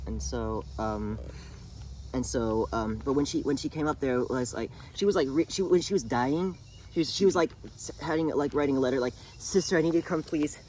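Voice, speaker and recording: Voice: medium pitch, a little fast, darkish tone, slight background noise. A speaker casually retelling a TV drama to a friend, rambling with lots of fillers and restarts. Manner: rambling, many fillers and restarts, bursts of laughter. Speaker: channel host.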